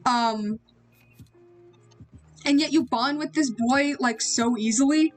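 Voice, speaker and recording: A woman's voice: high-pitched, slow pace, faint music behind. A woman voicing a jealous young male knight who whines sarcastically at his father. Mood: complaining. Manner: whiny, sarcastic.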